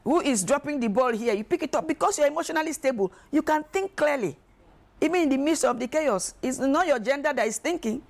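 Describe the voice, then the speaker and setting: A woman, speaking as an expert guest on a talk show, emphatic and animated, acting out quoted voices. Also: high-pitched, quick pace, vocal fry. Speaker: guest expert on emotional wellbeing. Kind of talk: studio talk show discussion.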